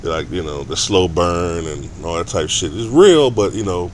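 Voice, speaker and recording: A man's voice: sits low, lively intonation, normal speed, slight background noise. A man ranting casually in a vlog, profane and rambling, with stammered restarts. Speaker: sports vlogger.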